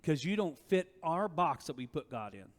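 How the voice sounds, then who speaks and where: A male pastor preaching a sermon in a conversational, animated way, often asking rhetorical questions of the congregation. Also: a little high, moderate pace, big-room sound.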